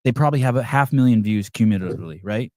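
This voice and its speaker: This podcast host talks fast with lively intonation, his mid-range voice mellow. He rambles through casual stories, restarting and using fillers, and performs the quotes. Clean studio sound, no echo.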